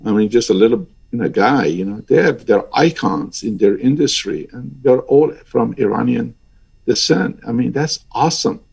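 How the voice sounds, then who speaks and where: A man in his sixties with a husky, slightly breathy voice, speaking at a middle pitch. He talks in an emphatic, passionate way, his voice climbing when a point stirs him. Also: moderate pace, a little mellow. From Iran. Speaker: guest, airline pilot. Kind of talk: interview over a remote link.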